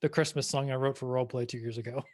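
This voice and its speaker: A man's voice: mid-range voice, fairly even intonation, very fast, a little mellow. A man playing in a tabletop game, chatting casually and rambling with lots of fillers. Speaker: player and composer. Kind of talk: casual chat.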